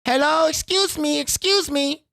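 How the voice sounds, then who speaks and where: A man's voice: very high voice, measured pace, sharp tone, pitched above the performer's own voice, heavily acted. A man voicing an older woman street seller who calls out in broken English. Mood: pleading.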